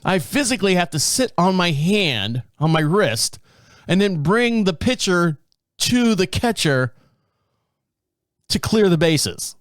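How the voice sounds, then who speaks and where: A man's voice: sits high, animated, slow pace, dry recording, clean studio sound. A man hosting a comedic solo podcast, telling a rambling story and often laughing at himself. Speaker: podcast host.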